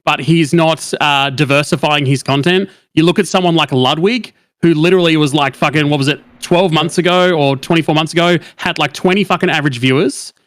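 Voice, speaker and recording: A man laying out his opinions in casual chat, swearing constantly as he argues his point. His voice is a touch high for a man, and it is recorded dry and close, with no room sound. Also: a little fast, few pauses, a bit bright, dry recording. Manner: opinionated, argumentative, heavy swearing.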